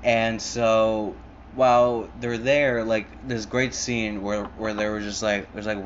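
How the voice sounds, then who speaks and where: Rambling low-voiced young man. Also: little pitch movement, takes it slowly, highs cut off, a little hiss or hum. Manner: rambling, filler-heavy, swears a lot. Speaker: movie fan retelling a film. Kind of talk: casual rambling monologue.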